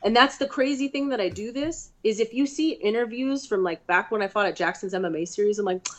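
A woman's voice: mid-range voice, a little fast. A woman, a grappler and fighter, telling stories in a chatty, profane way as a guest in a casual interview. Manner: chatty, profane, animated storytelling.

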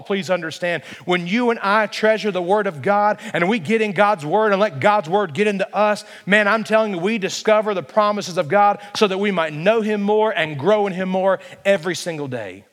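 A man's voice: sits high, moderate pace, few pauses, long reverb tail. A male pastor preaching a sermon emphatically, building to passionate peaks.

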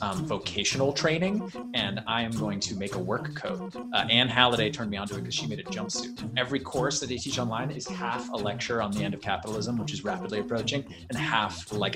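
A young man, a puppeteer from New York State, chatting in an interview and telling long stories in a loose, rambling way full of "like"s. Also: lowish voice. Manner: rambling, animated storyteller with many "like"s. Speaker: puppeteer guest. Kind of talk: casual interview storytelling.

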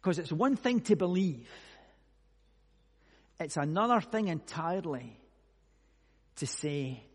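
Husky preacher in echoing hall. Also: male voice, a little high, very animated, slow, long pauses. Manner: musing, asks many rhetorical questions, swings between hushed and loud. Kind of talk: conversational sermon. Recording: long echoey hall reverb.

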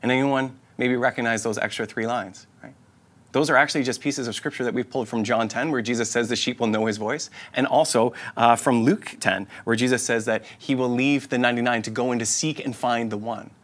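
A man's voice: fairly even intonation, a little fast. Earnest man preaching a sermon. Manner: earnest, repetitive, inviting phrasing; drops to a soft, low voice in prayer. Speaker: pastor.

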